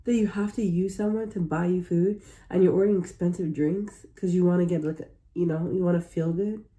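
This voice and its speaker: Mellow-voiced woman ranting in a reaction. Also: lowish voice, fairly even intonation, a little fast. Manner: exclamatory, incredulous, rants at viewers. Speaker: reaction video host. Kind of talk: casual reaction commentary.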